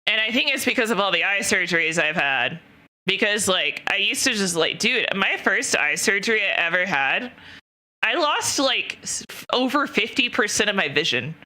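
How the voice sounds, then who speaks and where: A young woman streaming and chatting casually, her tone very bright and edged. She rambles and restarts, leaning on fillers and cursing freely. Her pitch sits in an ordinary middle range. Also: animated, normal speed. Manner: rambling, profane, frequent fillers. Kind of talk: casual storytelling chat.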